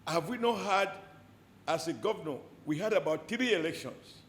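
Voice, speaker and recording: Emphatic Nigerian politician in an echoey room. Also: male voice, fairly high pitch, lively intonation, moderate pace. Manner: forceful, rhetorical, repeats short punchy phrases.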